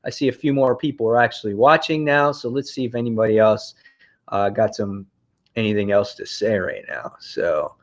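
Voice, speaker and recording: A man's voice: fairly low pitch, moderate pace, lo-fi sound. A young man hosting a live comic book review show, talking casually with lots of fillers and exasperated rants. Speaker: host.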